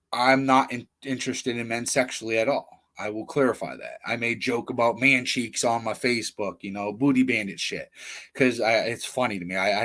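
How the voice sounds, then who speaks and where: A man's voice: fairly low pitch, fairly bright tone. A man hosting a livestream, telling personal stories in a rambling, blunt, profane casual monologue. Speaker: livestream host.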